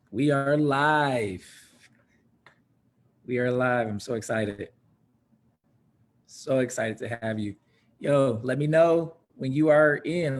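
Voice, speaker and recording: Hype man hosting a livestream. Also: a little high. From Michigan. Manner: energetic, shouting out viewers by name and city. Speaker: host of a livestreamed talk. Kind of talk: casual livestream welcome.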